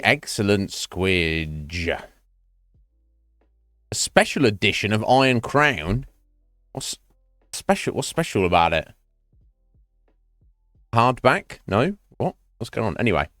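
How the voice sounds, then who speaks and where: Low, lively rambling male streamer. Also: clean tone, no room sound, clean studio sound. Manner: rambling and self-mocking, swears freely. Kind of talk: casual chat with viewers.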